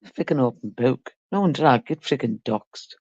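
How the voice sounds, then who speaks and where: A woman's voice: extremely low pitch, expressive, normal speed, darkish tone, husky, no echo, dull audio. A woman talking casually and bluntly to her live-stream viewers, swearing freely.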